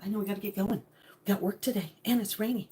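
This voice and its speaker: A middle-aged woman hosts a casual livestream from her home kitchen, greeting viewers by name and laughing often. Her voice sits at an ordinary pitch for a woman, and she sometimes drops to a hushed tone. A faint hiss runs underneath. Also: fast. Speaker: livestream host.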